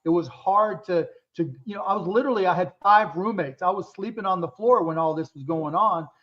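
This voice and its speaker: A man's voice: high-pitched, brisk, a bit bright. A man in his fifties, a business guest in an interview, telling stories from his early career in a blunt, candid way and swearing freely. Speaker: guest entrepreneur. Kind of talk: casual interview storytelling. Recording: dull lo-fi sound.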